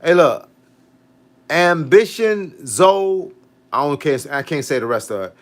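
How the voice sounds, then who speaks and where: A lively man in his fifties chats on a fitness livestream, telling stories with plenty of energy. His voice sits a touch higher than most men's. He talks loosely and casually, like he's talking to friends. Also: slow pace. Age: 50s. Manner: animated, storytelling, reading out viewer comments. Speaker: fitness coach.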